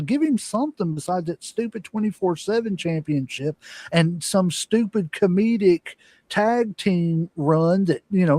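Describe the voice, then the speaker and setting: Opinionated podcast guy, high-ish voice, dry close sound. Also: darkish tone, dry recording. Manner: rambling, opinionated, many fillers. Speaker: podcast host. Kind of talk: casual wrestling commentary.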